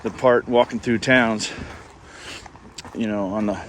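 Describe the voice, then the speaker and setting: A man's voice: lowish voice, steady tone, unhurried, fairly bright tone, a little hiss or hum. A man vlogging on a coastal hiking trail, rambling casually to his camera as he walks. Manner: rambling, chatty, talking to the camera. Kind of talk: casual chat while hiking.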